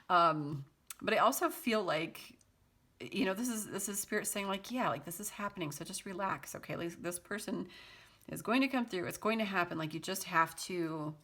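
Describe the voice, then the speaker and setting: A woman with a lowish, fairly bright voice gives her viewers a casual tarot reading. She's chatty, laughs easily, and has a sarcastic sense of humor, her speech loose and full of fillers.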